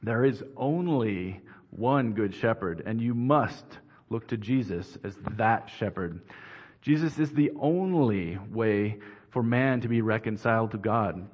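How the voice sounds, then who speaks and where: Male preacher in a reverberant hall. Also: fairly low pitch. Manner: measured, earnest expository preaching. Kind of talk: sermon. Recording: dull, reverberant hall recording.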